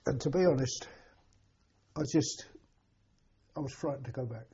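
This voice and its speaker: An elderly man recalling his war years, halting and repeating words as emotion rises. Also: mid-range voice, warm tone, breathy edge. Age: older. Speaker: war veteran interviewee. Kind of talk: personal recollection. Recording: dull lo-fi recording.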